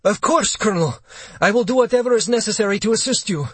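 A man's voice: high-pitched, a little slow, breathy edge, no echo, pitched above the performer's own voice. A man reading an audiobook, voicing a flustered young army captain who sounds eager and stiffly formal. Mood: nervous. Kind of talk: audiobook character voice.

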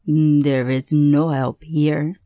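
A woman voicing a cruel male tormentor in a hellish place who mocks his victim in a slow, relishing way. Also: low voice, level tone, warm tone, dry recording, pitched below the performer's own voice.

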